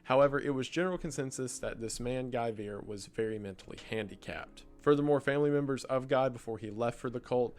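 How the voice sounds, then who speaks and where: A man narrating a documentary video from a script, in a steady, measured storytelling manner. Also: mid-range voice, soft background music.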